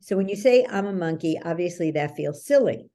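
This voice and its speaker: A woman's voice: fairly low pitch, expressive, a little fast, warm tone. A woman who is a guest coach, explaining ideas in an interview, telling stories and checking in often with the listener. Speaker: guest, belief-change coach.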